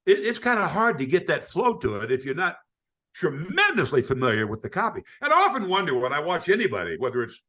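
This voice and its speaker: An older man spinning a sports anecdote as a podcast guest, his voice bright and forward, with a pitch that rides high and swoops widely. He acts out the people he quotes and often stammers and restarts his sentences. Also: sing-song, quick pace. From United States. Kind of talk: storytelling in a podcast interview.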